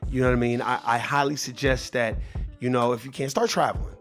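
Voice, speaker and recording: A man's voice: medium pitch, little pitch movement, fairly quick, faint music behind. A man giving advice in a casual monologue, earnest and preachy, swearing freely and often repeating or restarting his words. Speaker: vlogger.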